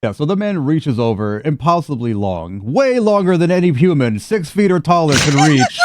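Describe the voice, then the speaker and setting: A man's voice: fairly high pitch, very animated, moderate pace, no room sound, clean studio sound. A man running a tabletop game as game master, narrating in a loose, chatty way and laughing often.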